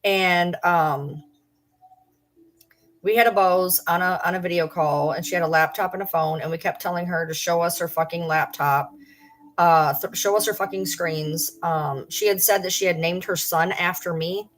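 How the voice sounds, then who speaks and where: A woman's voice: on the low side, moderate pace. Blunt, profane middle-aged woman streamer. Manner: blunt, profane, animated retelling. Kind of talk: casual livestream storytelling.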